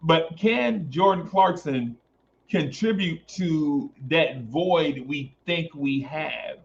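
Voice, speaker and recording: Male sports stream host, casual and animated, repeats lines for emphasis, muffled lo-fi sound. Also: fairly high pitch, slow pace, vocal fry, slight background noise. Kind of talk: casual sports talk stream, reading chat. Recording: dull lo-fi stream audio.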